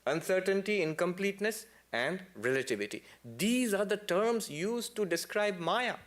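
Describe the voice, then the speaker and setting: Speaking at a normal speed, a man delivers a spiritual lecture to a temple congregation. He tells stories with energy, tossing in playful asides and hitting sudden high, emphatic peaks.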